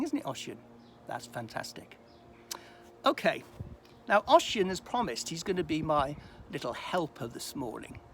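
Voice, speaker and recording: A man, a church minister, giving a gentle, animated children's talk at home. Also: a little high, a little hiss or hum.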